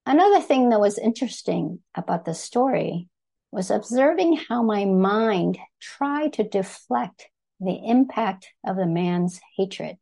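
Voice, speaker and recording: Brief: older woman from Thailand, measured read-aloud to a live audience, gravelly edge. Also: mid-range voice, lively intonation, mellow. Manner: measured, deliberate reading with small self-corrections. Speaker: speaker reading a personal essay.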